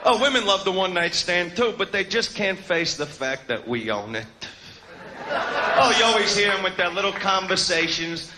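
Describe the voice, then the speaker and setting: A man doing a stand-up comedy routine, with a brash, swaggering and crude delivery and shouted punchlines. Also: sits high, very animated, moderate pace. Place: comedy stage before a live audience. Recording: live club show with loud crowd laughter. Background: crowd laughing and noise.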